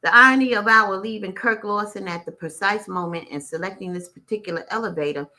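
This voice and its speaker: A woman's voice: mid-range voice, fairly quick, sharp tone. A woman reading a memoir aloud on a live stream and breaking off to greet viewers and add blunt, profane side comments. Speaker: audiobook reader and live-stream host.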